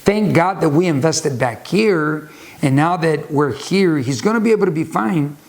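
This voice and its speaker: A man's voice: a little high, lively intonation, moderate pace. A man hosting a video channel, talking casually and rambling through a book recommendation with many restarts and side stories. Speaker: YouTube host discussing a book. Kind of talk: casual unscripted talk.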